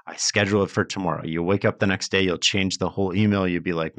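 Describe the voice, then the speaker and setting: A man's voice: sits low, fairly even intonation, quick pace, a bit bright, dry recording. A man who is a guest on a podcast, giving advice in an earnest, explanatory way with plenty of casual fillers. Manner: earnest, explanatory, uses many fillers like "like" and "sort of". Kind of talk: conversational advice.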